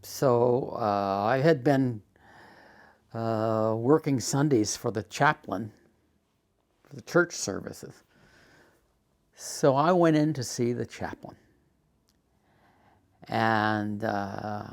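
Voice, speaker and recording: An older man casually telling a memoir story, unhurried with frequent "uh" fillers. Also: fairly low pitch, animated. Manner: unhurried storytelling, many "uh" fillers, acts out quoted dialogue. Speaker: storyteller recounting his life.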